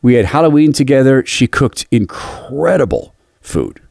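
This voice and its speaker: A man's voice: medium pitch, big pitch swings, normal speed, creaky, darkish tone, no room sound, studio quality. A middle-aged man hosting a devotional radio talk, telling a personal story in an earnest, confessional way. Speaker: radio host.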